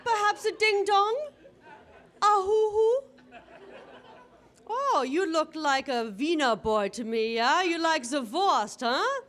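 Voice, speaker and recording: A flirty middle-aged mother with a harsh foreign accent, as a woman comedian puts her on. She coos in a sing-song lilt, pitched very high. A live crowd murmurs faintly behind. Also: expressive, slow pace, long pauses, a bit bright, heavily acted.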